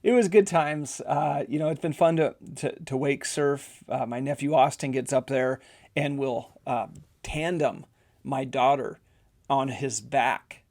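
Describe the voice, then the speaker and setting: Middle-aged guy on a podcast, rambling story, lots of uh and you know, mid pitch. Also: unhurried, darkish tone. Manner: rambling, repeats words, frequent fillers. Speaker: podcast host, physical therapist. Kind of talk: casual storytelling monologue.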